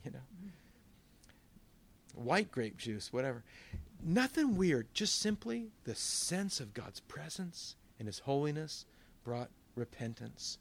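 A man, a pastor, preaching a sermon in a conversational way, with asides and quick backtracks. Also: fairly high pitch, very animated.

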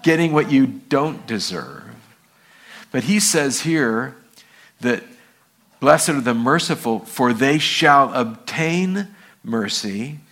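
A male pastor preaching a sermon, telling stories and acting out the people in them with a raised voice. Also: slow. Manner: animated storytelling, acts out quoted people in a high voice.

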